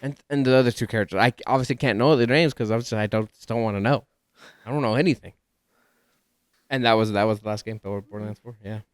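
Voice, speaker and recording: A man's voice: mid-range voice, fast talker, smooth, no room sound, clean studio sound. A man from Texas with a Texas accent, co-hosting a casual podcast and talking animatedly, often tripping over his words. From Dallas, Texas. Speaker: podcast co-host. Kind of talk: casual chat.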